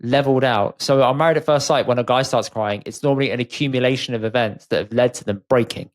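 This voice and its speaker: A man's voice: medium pitch, fast. A man co-hosting a podcast, chatting casually and giving opinions, often acting out what others said. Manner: opinionated, chatty, acts out quotes. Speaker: podcast co-host. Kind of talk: casual chat.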